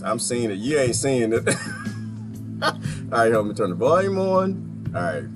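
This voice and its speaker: Brief: mocking commentator, laughs constantly, lively rise and fall. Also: male voice, mid-range voice. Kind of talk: reaction commentary.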